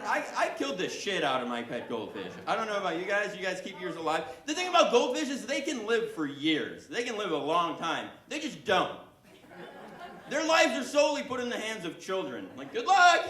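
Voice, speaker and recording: A man with a high, fairly bright voice performs stand-up on a club stage, joking at his own expense and chatting with the audience. The room is echoey, with faint ambient noise in the background.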